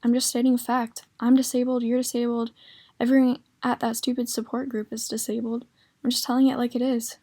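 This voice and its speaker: A woman's voice: on the high side, level tone, brisk. A woman reading as an angry teenage boy with tics. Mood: defiant. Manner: shouting, agitated outbursts.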